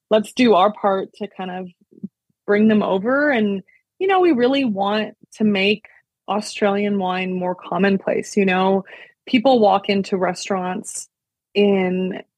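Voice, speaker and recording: A woman's voice: medium pitch, breathy edge, no room sound. An American woman in her thirties, a wine professional chatting casually in a podcast interview, with lots of fillers and restarts. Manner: chatty, many fillers and restarts, laughs often. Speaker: sommelier and wine importer, guest.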